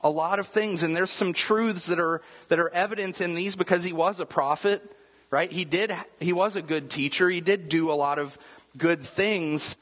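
A man's voice: sits high, steady tone, moderate pace, a bit bright, long reverb tail, poor audio. A man preaching a sermon, talking in a conversational way and often checking in with the listeners by asking "right?". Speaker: pastor.

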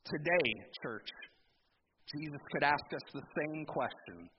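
A man with a fairly high voice preaches to a church in an easy, conversational way, peppering his sermon with rhetorical questions. The recording is dull and lo-fi, with a long hall reverb and a clear hiss of background noise. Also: expressive, measured pace. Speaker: pastor.

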